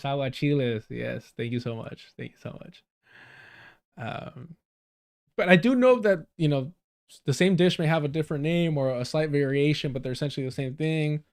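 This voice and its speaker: In a dry recording, a man with a mid-range, darkish voice hosts a live stream and chats casually with viewers. He is from the US–Mexico border region, and his long, rambling story is dotted with Spanish phrases and moments where he loses his words.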